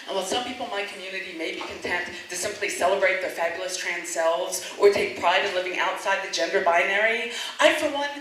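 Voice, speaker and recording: A woman's voice: fairly low pitch, pushed and bright, distant mic. A woman performing a spoken word piece, speaking with impassioned, defiant emphasis. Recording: very echoey room.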